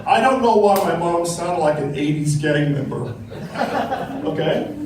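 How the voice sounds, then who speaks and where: Middle-aged guy doing stand-up, high voice that swings all over, keeps tossing in "right?", super echoey club and mic kinda far off. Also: expressive, measured pace, noisy background. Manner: tag question "right?" after punchlines, acted-out quotes. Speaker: stand-up comedian. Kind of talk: stand-up set. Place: comedy club stage. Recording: echoey club, mic from afar, faint crowd.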